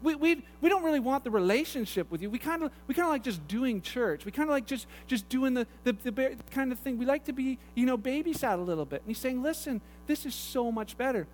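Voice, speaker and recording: High-voiced man preaching in an echoey hall. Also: expressive, fast talker, hardly any pauses, a little hiss or hum. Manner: chatty storytelling with asides. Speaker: pastor. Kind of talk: sermon. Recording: echoey hall with long reverb.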